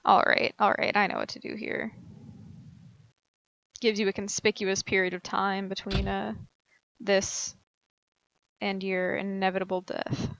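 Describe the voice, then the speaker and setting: Chatty woman rambling through a let's play, slow, kinda muffled mic, game music under. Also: mid-range voice, flat delivery, vocal fry, fairly bright tone. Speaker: streamer playing a game. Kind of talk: casual let's play commentary.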